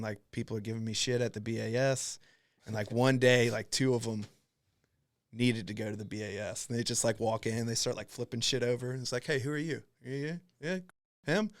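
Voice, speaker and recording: Young man, podcast host, casual chat, animated storyteller, swears, middle pitch, dry close sound. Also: a little fast, dry recording. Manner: animated storyteller, swears freely, laughs often.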